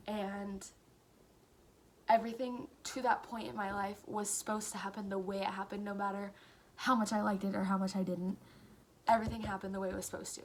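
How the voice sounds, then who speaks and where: A woman's voice: mid-range voice, flat delivery, normal speed, a little hiss or hum. A woman in her late teens telling an earnest personal story as a vlogger, acting out quoted dialogue and dropping to a whisper at times.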